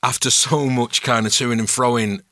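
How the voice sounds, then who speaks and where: A middle-aged man with a Mancunian accent, telling stories as a podcast guest in a relaxed, self-mocking way. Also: medium pitch, moderate pace, no room sound, studio quality. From Manchester, England. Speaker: guest actor and voice-over artist. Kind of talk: casual podcast chat.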